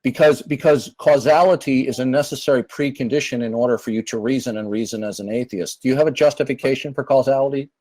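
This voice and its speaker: A man's voice: medium pitch, quick pace, hardly any pauses, a little mellow, no room sound. A man calling in, insistently repeating his questions in an argumentative debate. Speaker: caller.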